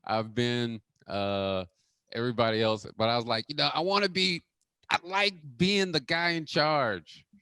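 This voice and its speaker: A man's voice: medium pitch, steady tone, unhurried, sharp tone, clear, resonant tone, no echo. A man who acts, chatting playfully and joking on a video call. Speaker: actor. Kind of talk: casual video call chat.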